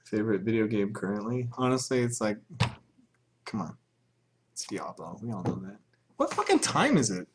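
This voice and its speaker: A man's voice: on the low side, big pitch swings, moderate pace, long pauses. A man chatting casually on a livestream, answering questions from chat in a rambling, profane way and laughing often.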